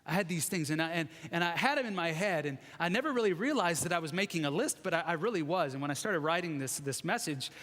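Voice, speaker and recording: A man's voice: on the high side, expressive, fast talker, hardly any pauses, fairly bright tone. A man in his forties giving a chatty, self-deprecating sermon, joking with the congregation in a large church sanctuary. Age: 40s. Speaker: guest preacher. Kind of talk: conversational sermon. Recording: long reverb of a church hall.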